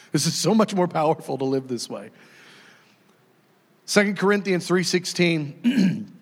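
Animated high-voiced male pastor preaching. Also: slightly rough, big-room sound. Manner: animated, conversational, acts out quoted voices. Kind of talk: sermon.

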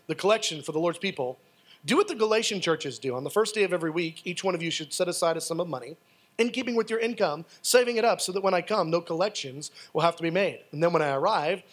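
A man preaching a sermon and telling personal stories in a casual, animated way. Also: a little high. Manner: animated, excitable storytelling; casual, conversational with fillers.

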